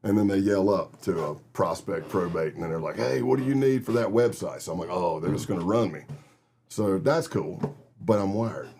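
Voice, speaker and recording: A man's voice: low-pitched, animated, moderate pace, darkish tone, a little hiss or hum. A middle-aged man from Texas, a guest telling vivid stories in a casual interview and acting out other people's lines. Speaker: guest, retired FBI agent.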